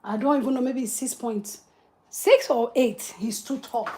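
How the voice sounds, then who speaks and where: A woman's voice: fairly high pitch, normal speed, a little mellow, a little hiss or hum. A middle-aged woman, hosting a livestream and telling a childhood family story with emotion and laughter. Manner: emotional, laughing between tender memories. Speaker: livestream host.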